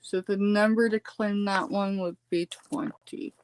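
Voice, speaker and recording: A woman co-hosting a live sale in a relaxed, easygoing way. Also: medium pitch, measured pace, noisy background. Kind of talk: casual live selling chat.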